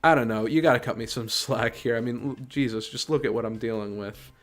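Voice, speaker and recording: A man in a middle register runs a podcast and talks through a movie in a casual review. He sounds sarcastic and exasperated. Soft music plays faintly behind him. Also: medium pitch, fairly quick.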